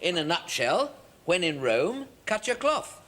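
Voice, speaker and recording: A man's voice: high voice, big pitch swings, a little slow. An English man acting a boastful, blustering bar regular in a sitcom, laughing at his own jokes. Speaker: comic actor. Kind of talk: sitcom acting before a live audience. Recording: live audience laughter and noise.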